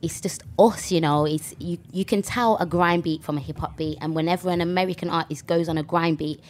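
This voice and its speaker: Low-voiced Birmingham woman. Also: fairly quick, slight background noise. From England. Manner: animated, with fillers and restarts. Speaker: rapper, guest. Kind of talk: casual interview chat.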